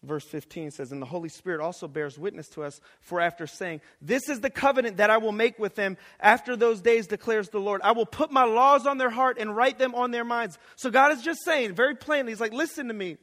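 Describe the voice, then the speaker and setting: High-voiced man preaching in an echoing chapel. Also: fairly quick, hardly any pauses. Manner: conversational, swings from hushed asides to shouting. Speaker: chapel speaker. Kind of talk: lively sermon. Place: college chapel. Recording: long reverb of a chapel hall.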